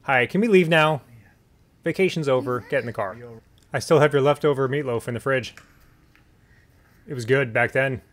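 A man commenting on a horror game during a livestream, cracking deadpan jokes and yelping at sudden scares. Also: mid-range voice, moderate pace, pauses often. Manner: joking, deadpan asides, sudden yelps at scares. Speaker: game streamer. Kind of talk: live horror gameplay commentary.

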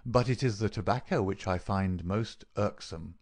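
A calm, wry male detective, as a man reads him in a storybook, explaining in a measured, dry way. The voice sits low. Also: lightly acted.

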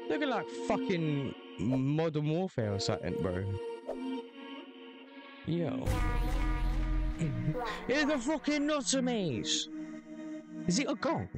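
A man's voice: high-pitched, wildly swooping pitch, measured pace, pauses often, over loud music. A young man hosting a reaction video, chatting casually with slangy banter and swearing.

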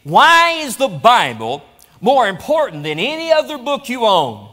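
A man's voice: very high voice, huge pitch swings, a little slow, pushed and bright. A male pastor preaching a sermon, building emphasis through repeated phrases. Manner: preaching with rising emphatic repetition. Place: church auditorium.

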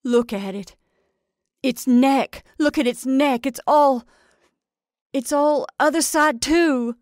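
A woman's voice: mid-range voice, animated, measured pace, darkish tone, dry recording, studio quality. Brief: woman reader plays a middle-aged farm wife, earnest and direct, storybook reading. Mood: alarmed.

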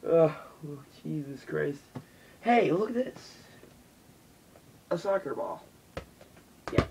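A teenage boy vlogging in casual chat, rambling and swearing, jumping between loud bursts and whispers. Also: on the high side, expressive, slow pace, gravelly, pauses often, far from the mic, slight background noise, rough recording. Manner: rambling, swearing, jumpy loudness with mock voices and whispers. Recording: voice drifting off the mic.

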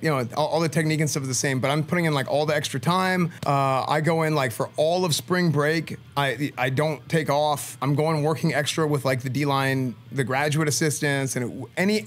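A man, a streamer, telling a story in casual talk, animated and full of filler words. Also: a little high. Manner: animated, lots of filler "like", acts out quoted speech.

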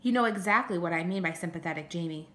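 A woman's voice: fairly low pitch, quick pace, fairly bright tone, lightly acted. A woman voicing a firm but caring mother in a storybook reading. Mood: scolding. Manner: firm, scolding. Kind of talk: audiobook character reading.

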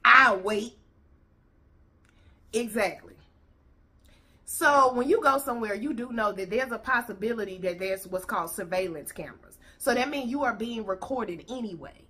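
A woman's voice: fairly high pitch, moderate pace, sharp tone. Profane, sassy woman commentator. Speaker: reaction video host. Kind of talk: ranting reaction commentary.

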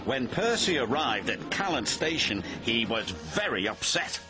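A man narrating a children's storybook in a gentle, storytelling way. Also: mid-range voice, very animated, measured pace. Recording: music playing behind.

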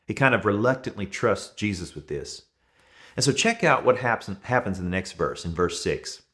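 Man, 30s, pastor, conversational sermon, somewhat low voice, relaxed storyteller. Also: moderate pace. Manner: relaxed storytelling with everyday examples.

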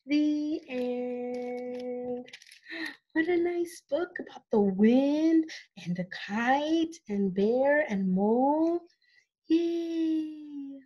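A woman reading a picture book aloud to young children, animated, with frequent gasps and drawn-out sound words, stopping to ask the listener questions. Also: sits high, muffled recording. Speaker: children's story reader.

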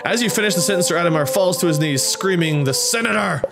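A young man talks through a strategy game at his desk, reading the cards and tossing off quick wry remarks. His voice sits a little on the high side. Game music runs clearly underneath the whole time. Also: expressive. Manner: chatty, wry, bouncing between reading and quick reactions. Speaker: gameplay commentator. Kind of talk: casual let's-play commentary, reading game cards aloud. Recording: game music playing behind the voice.

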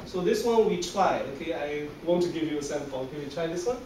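A man's voice: on the high side, lively intonation, brisk, a little mellow. A male language teacher drilling a class on tones, patient and coaxing, laughing often and repeating each sound as a model. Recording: echoey room, distant mic, faint noise.

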